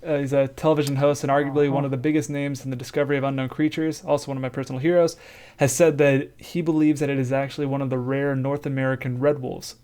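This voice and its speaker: A man's voice: medium pitch, little pitch movement, fast talker, hardly any pauses, a little mellow, clear, resonant tone. A man co-hosting a casual podcast, talking in a loose, chatty way and laughing easily. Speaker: podcast co-host.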